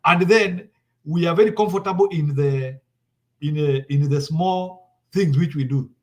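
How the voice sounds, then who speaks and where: A Kenyan man arguing politics with urgency and sitting a touch high in his range. He drives his points in through repetition, trips into restarts and moves back and forth between English and Swahili. The delivery stays forceful and persistent. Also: unhurried. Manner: insistent, repeats points, switches into Swahili. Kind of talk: heated political talk.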